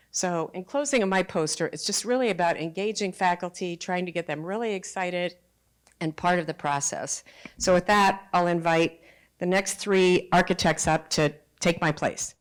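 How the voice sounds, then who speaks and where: A woman's voice: on the low side, normal speed. A woman presenting at a conference, telling a workshop story and acting out what people said. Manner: animated storyteller acting out quotes.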